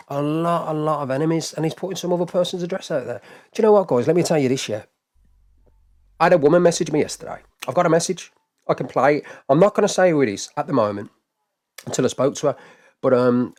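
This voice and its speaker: This streamer's voice sits fairly high with a darkish tone. He's venting to his viewers in a loose, casual rant, speaking straight to chat, repeating himself, getting worked up and cursing frequently.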